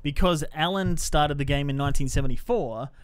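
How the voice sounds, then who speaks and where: A fairly high-pitched man rambling through a casual movie chat as a podcast co-host. His voice sits close and dry on the mic, and he jumps between thoughts with plenty of restarts. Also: fairly quick, clean tone, no echo. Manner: rambling, animated, restarts often.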